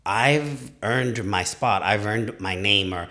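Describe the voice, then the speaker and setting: A man's voice: fairly low pitch, takes it slowly, bright, forceful tone. A man in his late forties, a podcast guest telling candid, self-deprecating stories in casual conversation. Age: late 40s.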